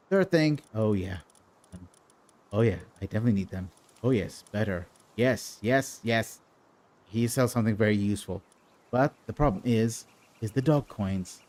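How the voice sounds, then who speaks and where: A man with a lowish voice and a darkish tone hosts a gaming video, casually commenting on a playthrough. He rambles, frequently restarting his sentences and repeating words.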